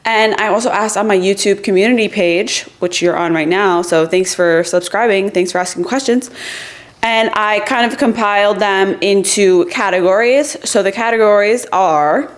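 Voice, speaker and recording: A woman's voice: mid-range voice, steady tone, normal speed. A woman hosting a casual vlog. She talks in a bubbly, rambling way with fillers, tired after a long trip. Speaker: vlog host. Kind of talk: casual chat to camera.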